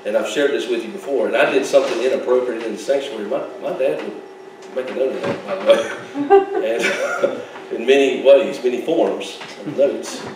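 A man's voice: mid-range voice, brisk, noisy background. Man preaching a folksy sermon in an echoey church. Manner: folksy, joking asides with laughs. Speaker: pastor. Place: church sanctuary. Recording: echoey church hall, mic at a distance.

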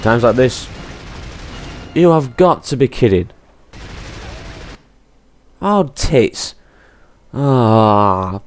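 A man casually commentating his gameplay on a headset mic, chatty and quick to exclaim. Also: mid-range voice, big pitch swings, slight background noise. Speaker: let's play gamer.

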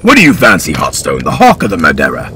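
A pompous, gluttonous old lord with gout, as a man reads him aloud, sly and self-satisfied. His lines swing widely in pitch against a faint background hum. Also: wildly swooping pitch, fast, sharp tone, heavily acted. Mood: jovial. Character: fat old gouty lord, indulgent and sly.

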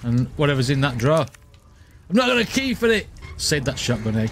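A man giving excitable gaming commentary, shouting and laughing at the action as he plays. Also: mid-range voice, brisk, a little hiss or hum. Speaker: gaming streamer.

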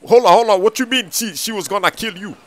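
A man voicing a loud, excitable young man in a video game skit who squawks his questions in slang. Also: high-pitched, fast, dry recording, voice pushed up. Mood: outraged.

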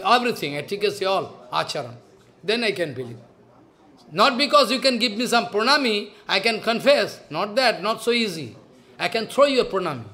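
A man's voice: high-pitched, fairly bright tone. A man giving a devotional lecture as a spiritual teacher, talking emphatically, scolding, and firing off rhetorical questions.

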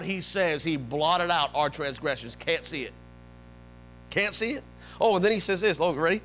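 A man preaching a sermon as pastor, animated, swinging between soft low asides and loud high-pitched bursts. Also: moderate pace, soft background music, low-quality recording. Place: church sanctuary.

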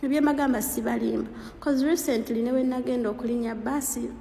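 A woman tells a casual, animated story. Her voice is high and carries a long reverb, with a faint hiss underneath. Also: fast talker, vocal fry. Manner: animated, laughing, mixing languages. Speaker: TikTok creator.

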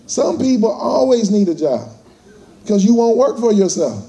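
A man's voice: very high voice, creaky, mellow. A man giving a fired-up motivational speech to a live audience, using call-and-response and acting out voices. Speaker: motivational speaker.

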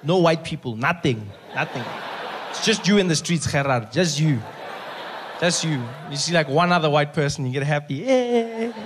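A South African man in his thirties performs stand-up, his voice sitting fairly high. He tells stories and banters with people in the audience. A faint noise runs under the live recording. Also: normal speed. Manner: storytelling, chatting with the audience. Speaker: stand-up comedian. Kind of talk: stand-up comedy.

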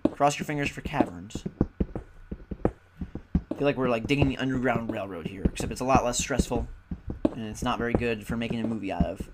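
A man's voice: mid-range voice, brisk, long pauses. Tired young man, gaming commentary. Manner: chatty, self-deprecating, grumbles at the game. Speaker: gaming YouTuber. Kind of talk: casual Let's Play commentary. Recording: loud background noise.

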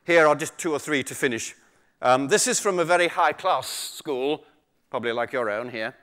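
A male storyteller addressing a room of teachers with a fairly high voice. His talk is chatty and full of jokes at his own expense. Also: normal speed, fairly bright tone, smooth. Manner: chatty, joking, self-deprecating. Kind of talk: humorous talk to an audience.

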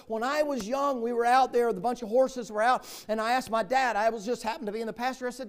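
A man's voice: very high voice, steady tone, quick pace, hardly any pauses. A man with a Southern US accent preaching a sermon as pastor, in a folksy, joking storytelling manner.

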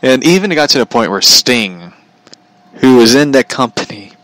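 A man's voice: mid-range voice, expressive, normal speed, a bit bright, no echo, poor audio. A man giving a casual, sarcastic rant about wrestling, laughing often as he talks. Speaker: commentator.

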